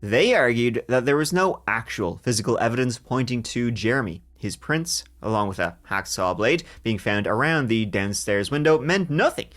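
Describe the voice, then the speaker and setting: A man hosting a true crime podcast, telling the story in a lively way with jokes along the way. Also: medium pitch, normal speed, few pauses. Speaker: podcast host.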